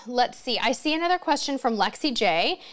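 A woman's voice: fairly high pitch, sing-song, a little fast. A woman hosting a casual live-stream Q&A from home, reading out viewer comments and answering them with chatty enthusiasm. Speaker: livestream host answering viewer questions.

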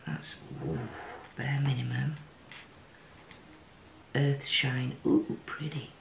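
A woman from the UK chatting casually through a makeup unboxing, giddy, with gasps and breathy exclamations. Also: sits low, takes it slowly, pauses often, noisy background. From United Kingdom. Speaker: beauty vlogger.

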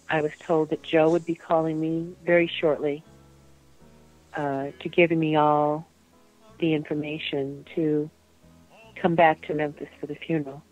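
A woman recalling personal memories in a soft, halting way, with many pauses, as an interview guest. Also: deep voice, highs cut off. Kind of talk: emotional personal recollection.

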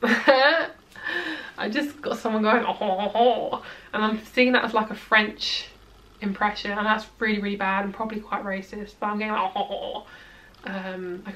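A woman's voice: mid-range voice, pushed and bright. A young woman giving a casual tarot reading to her viewers, chatty and reassuring, with plenty of "like" and "um" fillers. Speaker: tarot reader.

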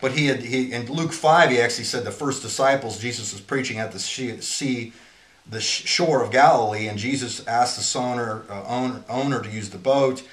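Man, mid-pitched, informal Bible teacher, earnest and rambling, recorded in an echoey room. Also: normal speed, fairly bright tone. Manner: earnest, rambling, often restarts sentences.

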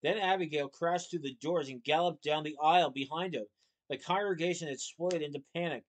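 A man reading a children's novel aloud, lively, with small slips and playful asides. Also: a little high, a little fast. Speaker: storyteller.

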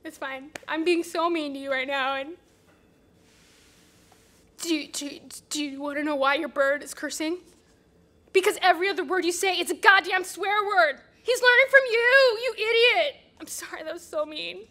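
A woman's voice: high-pitched, steady tone, a little slow, long pauses, a bit bright. An actress playing an anxious, paranoid woman in her thirties who rambles, apologizes and bursts into rants. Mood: frustrated. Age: 30s.

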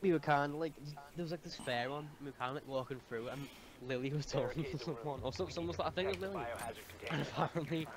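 A man's voice: a little high, fast, a crowd in the background. A man in casual gaming chat, rambling through a story, laughing and cursing often.

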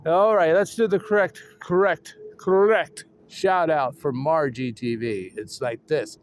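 Excitable man vlogger, high lively voice with a slow, drawn-out delivery, hoarse, recorded outdoors on a phone. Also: slight background noise. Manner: excitable, hyper, laughs often. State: losing his voice. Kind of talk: casual vlog chat. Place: outdoors with his dog.

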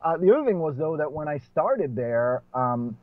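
A man's voice: on the high side, very animated, normal speed, no room sound. Chatty comedian man, dull dry audio. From Boston, USA. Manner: chatty, self-correcting, laughs between points. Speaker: stand-up comedian guest. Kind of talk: casual conversational interview. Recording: dull, muffled podcast audio.

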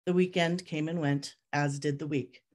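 A woman author reads her own memoir aloud with a low voice. Her delivery is measured and reflective, holding a steady pace through each line. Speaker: author reading her work. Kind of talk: memoir reading at a group reading.

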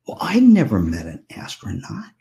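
Animated older man telling stories. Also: lowish voice, normal speed. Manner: animated, acts out voices in anecdotes. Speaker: keynote speaker. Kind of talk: storytelling keynote. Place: virtual conference talk.

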